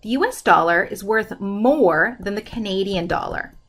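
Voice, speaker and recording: A woman teaching a math lesson, working through problems in a steady, step-by-step way at a desk microphone. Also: medium pitch, normal speed. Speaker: math instructor.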